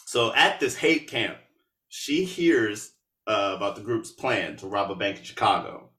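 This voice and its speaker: A sarcastic man recapping a film for a podcast, with lots of asides. His voice is bright and crisp, and it sounds roomy, a little away from the mic. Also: lowish voice, measured pace, far from the mic. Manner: animated, sarcastic, with laughs and asides. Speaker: podcast host. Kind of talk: casual movie recap.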